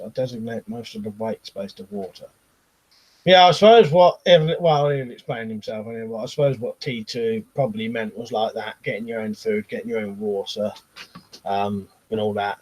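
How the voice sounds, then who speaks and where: A British man hosts a relaxed live chat stream with a medium-pitched voice. He reads viewer comments aloud, laughs easily and drops into quiet mumbled asides between lively bursts. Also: rough recording. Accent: British English. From Britain.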